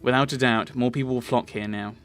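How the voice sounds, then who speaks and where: A man's voice: mid-range voice, steady tone, fairly quick, a bit bright, soft background music, close to an everyday voice. A man reading the lines of a weary, practical frontier trader from a game in his own everyday voice. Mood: relieved. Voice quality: plain unaltered reading voice. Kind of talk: reading game dialogue aloud.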